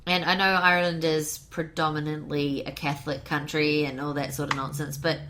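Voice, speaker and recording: A woman's voice: deep voice, level tone, a little fast, pushed and bright, slight background noise. A woman co-hosting a podcast in casual chat, with dry, blunt quips. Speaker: podcast co-host.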